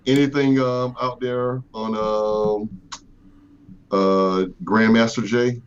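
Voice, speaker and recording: A man's voice: medium pitch, steady tone, slow. A man chatting on a casual podcast, hesitant and full of fillers. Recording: muffled remote line with faint hiss.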